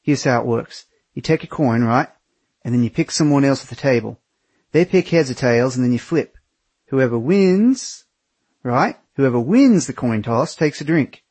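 A man voicing a big, boisterous Australian man with an Australian accent, loudly explaining a drinking game. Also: mid-range voice, animated, normal speed, breathy edge, dry recording. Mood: rowdy, eager.

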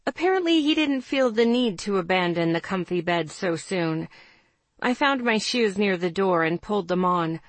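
A woman reading a first-person story aloud in a soft, intimate, low-key way. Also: no echo. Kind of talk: first-person audiobook narration.

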